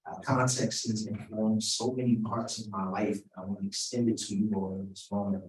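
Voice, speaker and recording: A man's voice: lowish voice, level tone, a little fast, a little hiss or hum. A man in his forties from Washington, D.C., giving a joking, conversational keynote speech. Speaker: keynote speaker. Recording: roomy sound, mic at a distance.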